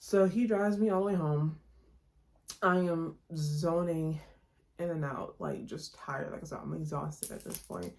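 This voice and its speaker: Low, gravelly-voiced young woman vlogger. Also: a little slow. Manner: chatty, slangy, animated storytelling to viewers. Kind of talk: casual storytime chat.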